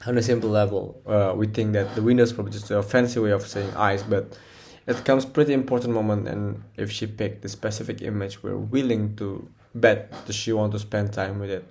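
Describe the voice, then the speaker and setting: A man, a non-native English speaker, presenting a poem analysis for class, halting often with fillers and restarts. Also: on the low side, fairly even intonation, vocal fry, darkish tone, slight background noise. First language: Indonesian. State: short of breath.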